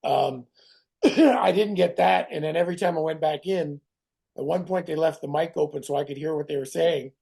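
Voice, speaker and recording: A middle-aged man, a guest actor in a casual interview who tells animated stories, swears and acts out other people's voices. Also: a little high, normal speed, gravelly, husky. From Canada.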